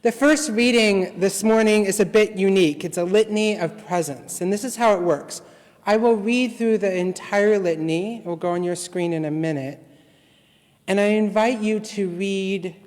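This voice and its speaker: Slow, measured man in a reverberant sanctuary. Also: high voice, a little mellow. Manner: slow, measured, solemn delivery. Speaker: guest minister. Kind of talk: reading a litany and poem in worship. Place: church sanctuary. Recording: long reverb from a large hall.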